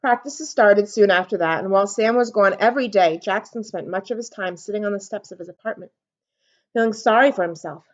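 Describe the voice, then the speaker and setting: A woman reading a children's storybook aloud for a library storytime, expressive and animated. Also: mid-range voice, brisk. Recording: dull lo-fi recording.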